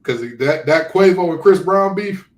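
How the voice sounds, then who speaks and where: A man hosting a casual podcast, ranting in an animated, incredulous way. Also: high voice, unhurried. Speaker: podcast host. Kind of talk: casual sports podcast chat. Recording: roomy echo.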